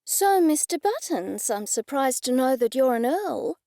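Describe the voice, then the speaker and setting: Woman narrator voicing a kind woman sleuth, placating, high-pitched, gravelly. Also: big pitch swings, unhurried, dry recording, studio quality, heavily acted. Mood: gentle. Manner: placating, gentle, upbeat.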